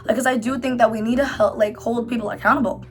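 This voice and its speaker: Rambling young woman, higher voice. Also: steady tone, fast talker. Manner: rambling, filler-heavy, self-reassuring; doing her makeup while talking. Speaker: YouTuber. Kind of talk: casual confessional chat to camera.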